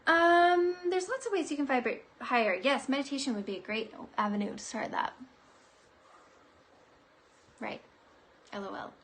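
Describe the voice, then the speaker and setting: A woman's voice: high voice, animated, moderate pace, long pauses, fairly bright tone. A woman psychic giving a live-streamed oracle card reading, bubbly and giggly in a chatty way. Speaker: psychic reader.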